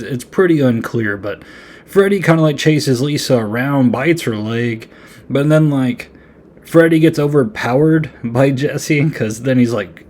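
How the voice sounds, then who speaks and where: Casual male podcast host, average-pitched voice, loose and rambling recap style. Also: darkish tone. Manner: loose, filler-heavy, rambling. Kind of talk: casual movie review.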